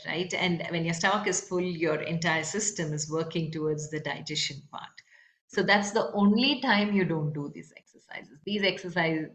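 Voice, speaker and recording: A woman, a leadership and voice coach explaining breathing and chanting in a calm, instructive way during an interview. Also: on the low side. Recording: roomy with faint background noise.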